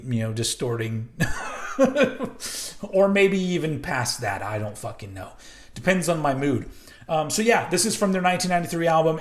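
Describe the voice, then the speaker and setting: Profane, rambling heavy metal show host. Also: male voice, a little high. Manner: loose, profane and self-mocking, with frequent fillers. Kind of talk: casual rambling commentary.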